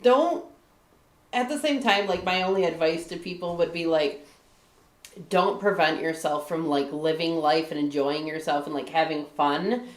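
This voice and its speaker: A woman's voice: deep voice, moderate pace, reverberant. A woman from Michigan, a guest author on a live stream, talking candidly in casual chat, with a lot of "like" and "you know" and frequent laughs.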